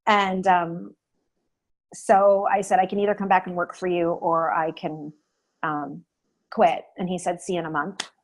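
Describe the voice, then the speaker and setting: A woman talking as a guest in an interview, telling a personal story in a lively way with many fillers and restarts. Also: on the low side, measured pace, low-quality recording.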